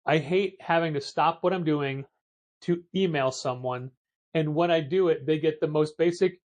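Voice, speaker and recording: A man's voice: on the high side, moderate pace, darkish tone. A man co-hosting a comic shop podcast, telling stories and grumbling in casual chat. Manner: storytelling, mildly grumbling.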